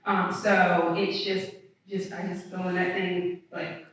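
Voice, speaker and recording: A woman's voice: on the low side, flat delivery, slow, a bit bright, far from the mic. A woman from the American South, a footwear designer on a panel, answering students in an emphatic, unapologetic way with many fillers. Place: university hall before a live audience. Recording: echoey hall, mic from afar.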